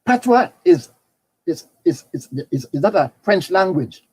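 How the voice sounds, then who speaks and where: A man's voice: high-pitched, very animated, measured pace, a little mellow, breathy edge, poor audio. An older man with a Trinidadian accent lecturing on carnival history, telling it with animation, breaking into snatches of calypso song and often repeating words. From Trinidad and Tobago.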